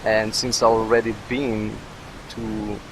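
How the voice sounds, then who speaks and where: A man's voice: fairly low pitch, level tone, takes it slowly, noisy background. A man who is not a native English speaker, rambling and joking as he comments on his gameplay. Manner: rambling, jokey, talks to himself. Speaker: let's play commentator.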